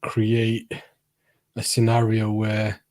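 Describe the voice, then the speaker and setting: A man's voice: fairly low pitch, monotone, slow, darkish tone, dry recording. A man in a casual football chat, blunt about his views and laughing between points.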